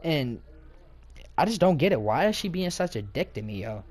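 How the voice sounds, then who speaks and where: A man's voice: a little high, big pitch swings, moderate pace, darkish tone. A man telling a casual storytime about a clash with his teacher, slangy, rambling and indignant.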